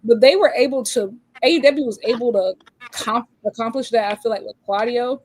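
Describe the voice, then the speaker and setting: A woman co-hosting a podcast, talking casually in an animated, slangy way. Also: a little high, brisk, a little hiss or hum, poor audio. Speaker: podcast co-host. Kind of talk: casual chat.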